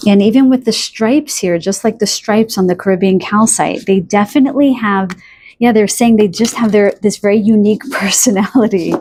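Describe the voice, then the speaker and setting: A woman giving a channeled pick-a-card tarot reading in a chatty, spontaneous way, often pausing to search for words. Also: mid-range voice, a little mellow. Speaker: tarot reader.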